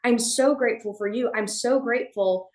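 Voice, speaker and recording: A woman telling a personal story as a podcast guest, speaking candidly, with many restarts and fillers. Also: on the high side. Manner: halting, with frequent restarts and fillers. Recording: echoey room.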